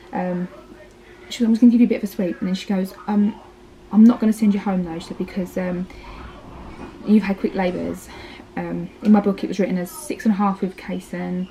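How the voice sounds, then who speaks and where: A fairly low, warm voice with vocal fry comes through poor audio with a little hiss or hum. The speaker, a parenting vlogger in her thirties from Essex, England, uses an Essex English accent and chats through her birth story, peppering it with "like" and "um" and acting out quoted lines.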